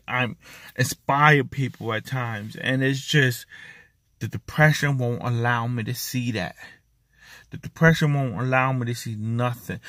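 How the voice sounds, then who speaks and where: A man's voice: on the high side, no echo. A man talking straight to the camera in an earnest, repetitive and emotional way, recorded on the camera's own mic. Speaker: vlogger. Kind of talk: personal talk to camera.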